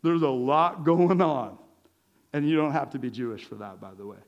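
A male pastor giving a conversational sermon, lively and joking, with chuckles between his points. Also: mid-range voice, moderate pace, vocal fry, lo-fi sound.

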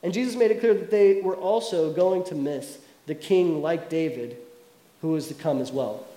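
A pastor with a high, mellow voice tells his sermon like a story, chatting to the congregation with casual asides. His voice carries around an echoey church room. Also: normal speed.

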